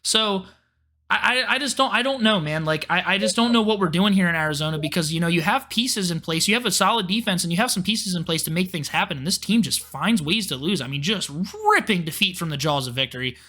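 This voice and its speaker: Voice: medium pitch, lively intonation, fast talker, sharp tone. A podcast co-host in casual sports chat, ranting animatedly about football with frequent swearing.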